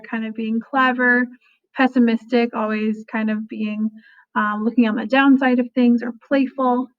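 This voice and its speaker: A young woman teacher giving a casual recorded lesson, full of fillers and "kinda". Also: on the high side. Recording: slightly dull lo-fi audio.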